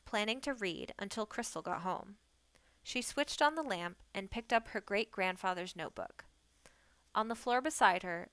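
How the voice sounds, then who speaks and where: A woman reading a novel aloud on a live stream, telling the story gently and unhurriedly. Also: fairly low pitch, vocal fry, no room sound. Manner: gentle, unhurried storytelling, trying on the characters' lines. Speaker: book reader on a live stream.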